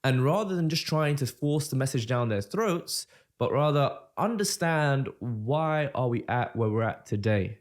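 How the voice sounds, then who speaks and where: British guy on a podcast, chatty and jokey, keeps saying mate, mid pitch. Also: animated, a little slow. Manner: bantering, says "mate" often. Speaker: podcast co-host. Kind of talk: casual podcast chat.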